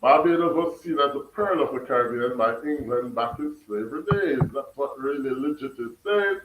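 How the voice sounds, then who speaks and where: A man's voice: medium pitch, moderate pace, distant mic, background noise. Jamaican man chatting in an echoey room. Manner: laughs often, questions his chat, mixes patois. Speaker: livestream host reading chat. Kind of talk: casual chat. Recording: echoey room, away from the mic.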